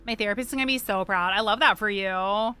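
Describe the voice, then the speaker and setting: A woman's voice: mid-range voice, fast talker, sharp tone, smooth, soft background music. A young adult woman livestreaming a game, chatting casually in a rambling, joking way and swearing freely. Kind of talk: casual chat while gaming.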